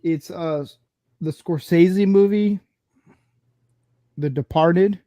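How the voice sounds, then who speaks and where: Guy hosting a panel show, mellow kinda higher voice, rambly, laughs a lot, dry sound. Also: slow, no room sound, highs cut off. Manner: rambling, laughs often, restarts sentences. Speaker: podcast host. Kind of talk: casual panel chat.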